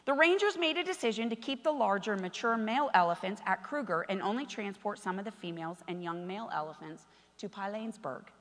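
A woman pastor preaching a passionate sermon that swings between loud exhortation and quiet storytelling. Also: medium pitch, lively intonation, fairly quick, long reverb tail.

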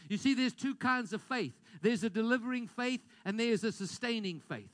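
Bright, high-voiced man preaching a sermon. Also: lively intonation, normal speed, dry recording. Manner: emphatic preacher, repeats phrases, leads congregation call-and-response. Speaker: pastor.

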